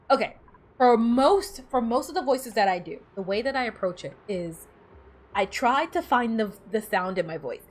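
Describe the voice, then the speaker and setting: Chatty woman streaming a game. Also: a little high. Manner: chatty, reads game text aloud, laughs easily. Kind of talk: casual gameplay commentary.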